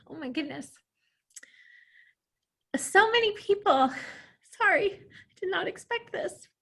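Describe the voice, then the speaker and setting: A woman's voice: high-pitched, sharp tone. A woman hosting an interview, openly moved and sympathetic as she asks her guest questions. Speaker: interview host.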